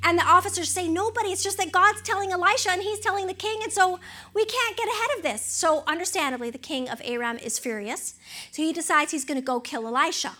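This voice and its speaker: A woman preaching with a high, bright voice. She retells the story in an animated way, acting out the characters' lines and turning to ask her listeners questions. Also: quick pace. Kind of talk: sermon.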